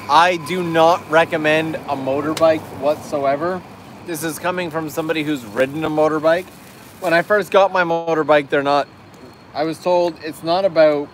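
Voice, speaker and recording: Man, stream host, easygoing, fairly high voice, light street noise. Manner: easygoing, reads viewer comments aloud. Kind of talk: casual livestream chat. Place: outdoors on city streets at night.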